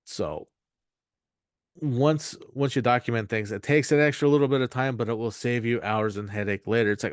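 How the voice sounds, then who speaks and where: A man teaching an online marketing course, talking off the cuff, rambling and repeating himself and acting out quick asides. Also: medium pitch, no echo, studio quality. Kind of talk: unscripted course talk.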